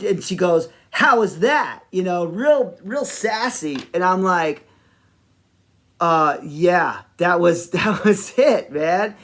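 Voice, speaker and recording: A man telling a personal story in a casual, rambling way, full of fillers and animated in places. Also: a little high. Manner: animated when reliving the moment. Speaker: host.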